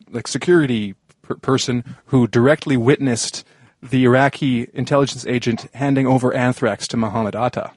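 Halting male interview host. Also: medium pitch, a little mellow, no room sound. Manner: halting, loosely phrased. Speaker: podcast host. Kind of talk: conversational interview questions.

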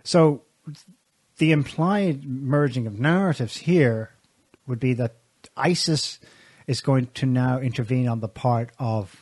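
Guy co-hosting a talk show, kinda husky, dry close sound, sardonic and pointed. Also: medium pitch, slow pace, a little mellow, no room sound. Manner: sardonic, pointed delivery with frequent restarts. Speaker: show co-host. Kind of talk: casual political commentary.

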